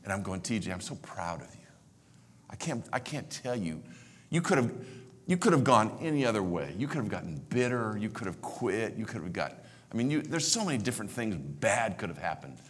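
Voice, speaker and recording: Older man preaching, dropping to a hush. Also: on the low side, big pitch swings, a little fast, slightly rough. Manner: heartfelt, often drops to a hushed near-whisper; repeats and restarts phrases when moved. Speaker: pastor. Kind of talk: sermon storytelling.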